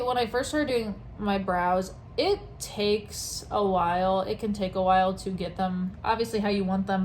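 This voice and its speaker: A young woman with a medium-pitched voice vlogs from home at night, holding the camera very close to her face while she does her makeup. She chats casually and rambles through asides, and the recording carries a slight hiss or hum.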